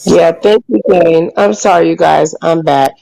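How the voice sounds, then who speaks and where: A woman's voice: fairly low pitch, a little slow, gravelly, dark tone, low-quality recording. A woman hosting a casual live chat, exclaiming and calling out to her dog. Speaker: host.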